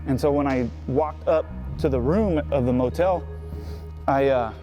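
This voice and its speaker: A man's voice: mid-range voice, measured pace, music in the background. A man recounting his past in an interview, talking casually and profanely, with "right?" and "you know" all through. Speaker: skateboarder.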